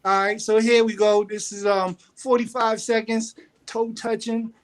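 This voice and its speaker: A fitness guest on a live video call, relaxed and joking while introducing a workout. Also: mid-range voice, a little slow.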